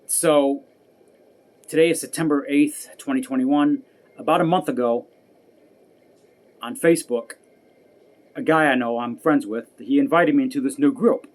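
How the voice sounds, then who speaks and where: A man sits alone venting to his viewers in a heated, profane rant. He repeats his points and swears often, and his tone never settles into calm. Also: mid-range voice, moderate pace, pauses often. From United States. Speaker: vlogger. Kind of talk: angry personal rant to camera.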